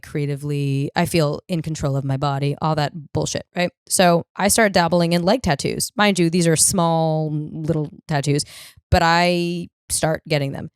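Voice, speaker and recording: A woman's voice: fairly low pitch, smooth, dry recording, studio quality. A young woman hosting a comedic solo podcast, telling self-mocking stories in a blunt, profane way. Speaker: podcast host.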